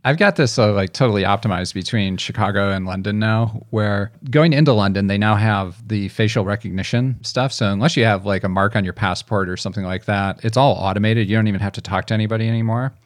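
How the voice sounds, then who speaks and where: A man's voice: fairly low pitch, fast talker, hardly any pauses, no room sound. Laughing, rambling man, dry sound. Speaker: podcast co-host. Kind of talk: casual chat.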